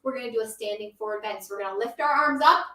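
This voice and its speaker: A woman's voice: fairly high pitch, fast, pushed and bright, roomy sound, recorded from a distance. A woman teaching a yoga class for children and reading a picture book aloud, encouraging the kids and calling them her friends.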